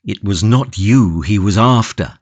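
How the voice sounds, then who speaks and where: A man's voice: lowish voice, animated, unhurried, slightly rough, no echo. A man voicing a passionate, stoic imprisoned tulip grower in an audiobook, grave and impassioned. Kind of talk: audiobook character reading.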